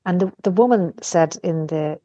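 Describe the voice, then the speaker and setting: A middle-aged woman with a lowish voice tells personal stories on a podcast, frank and unfiltered, with the odd curse. The sound is dry and close, with a slightly dull, lo-fi tone. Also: normal speed, mellow, dry recording. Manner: candid storytelling with casual swearing. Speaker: podcast guest. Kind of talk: casual conversation.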